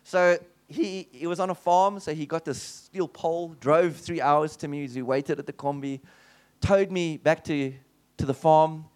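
South African male preacher, slightly high voice, animated storyteller, restarts a lot. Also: a little slow. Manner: many restarts and asides. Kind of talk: testimony storytelling sermon.

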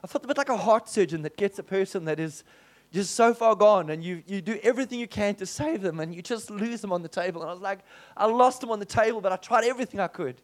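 Man, pastor, sermon story, high voice, animated. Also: quick pace. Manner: animated, acts out the dialogue.

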